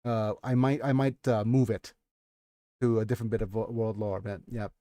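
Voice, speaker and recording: Nigerian guy reading his novel on stream, mellow voice, dry room, keeps stopping to chat. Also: lowish voice, flat delivery, normal speed, no room sound. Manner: breaks off to comment and laugh at himself. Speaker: streamer and author. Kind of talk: reading his own novel aloud on a livestream.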